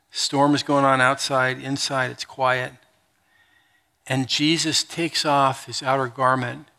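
A middle-aged man preaching a sermon as a pastor, telling the story in an animated, conversational way with touches of humor. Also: mid-range voice, creaky.

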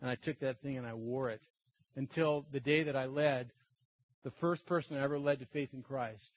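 An older man giving a personal testimony in an animated storytelling way, acting out the voices of people in his story. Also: medium pitch, normal speed. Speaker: testimony speaker. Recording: dull dry lo-fi recording.

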